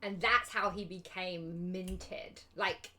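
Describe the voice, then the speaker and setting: A woman's voice: on the low side, steady tone, slow pace, pushed and bright, a little hiss or hum. A young woman with an English accent, chatting casually on a livestream as a cosplay judge while she works on a craft project. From England. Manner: chatty, giggly, rambling.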